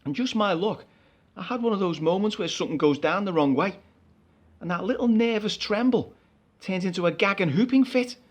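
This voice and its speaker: A man's voice: high voice, fairly quick. A man performing a comic stage monologue as a chatty, exasperated storyteller. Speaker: actor.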